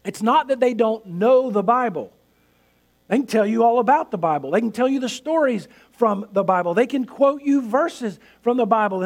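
A man's voice: very high-pitched, gravelly. A male pastor preaching a sermon in an earnest, emphatic way, building points through repetition.

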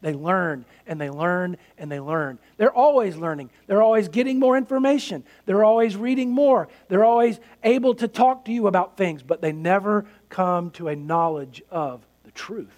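A man's voice: high-pitched, normal speed, hardly any pauses, darkish tone. A male pastor preaching a sermon in an earnest, emphatic way, building points through repetition.

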